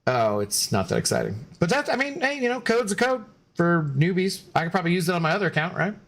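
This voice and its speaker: A man's voice: high-pitched, sing-song, fast talker. A man chatting casually on a gaming live stream, rambling, joking and answering chat.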